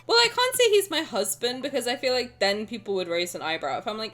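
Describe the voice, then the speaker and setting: A young woman streamer chatting casually with her viewers, playful and rambling, with sudden loud bursts. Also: mid-range voice, sing-song, a little fast, faint music behind. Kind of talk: casual chat with live chat.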